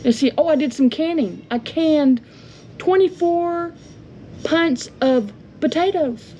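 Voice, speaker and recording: A woman's voice: high voice, slow, dark tone. A woman angrily venting at a neighbor, indignant and confrontational, in a home vlog. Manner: indignant, confrontational, rhetorical questions. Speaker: homestead vlogger. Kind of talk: angry venting monologue. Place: home with yard being mowed. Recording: dull lo-fi audio with faint noise.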